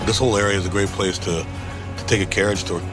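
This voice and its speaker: Man, enthusiastic tour guide, lowish voice, clear music bed in a played clip. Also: fairly even intonation, fast talker. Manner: enthusiastic, casual. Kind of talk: travel segment narration.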